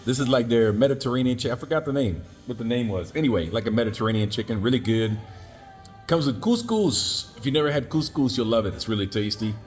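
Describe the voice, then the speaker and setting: A man's voice: mid-range voice, expressive, fast. Guy doing a food vlog at a restaurant, playful and teasing, echoey room with music going. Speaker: food vlogger.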